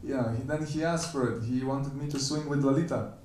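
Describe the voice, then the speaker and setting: A man giving a temple lecture, animatedly telling a story and acting out the characters' quoted lines in a higher voice. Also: steady tone, fairly quick, darkish tone. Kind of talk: storytelling sermon. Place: temple hall. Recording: echoey room, voice from a distance.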